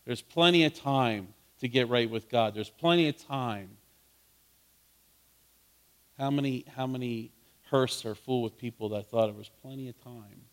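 A man's voice: medium pitch, unhurried. A man pastor preaching a sermon, earnest, repeating words and asking his listeners questions.

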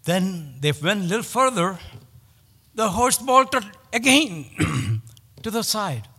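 A man's voice: high-pitched, very animated, pushed and bright, husky, long reverb tail. A man preaching a sermon, telling a story and repeating his key points with emphasis. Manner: storytelling, with pauses and emphatic repetition.

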